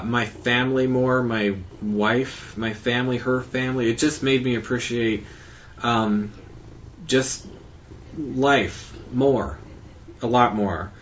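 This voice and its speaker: Man, podcast host, slow halting delivery, lo-fi recording with faint hiss. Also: medium pitch. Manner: halting, rambling, many fillers and restarts. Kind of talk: casual monologue recap.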